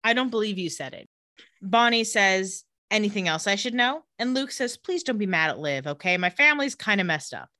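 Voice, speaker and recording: Lively, bright-voiced woman recapping. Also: brisk, no echo, clean studio sound. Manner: animated, dips into low voices for characters. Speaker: podcast co-host recapping a TV episode. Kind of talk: casual chat with acted-out quotes.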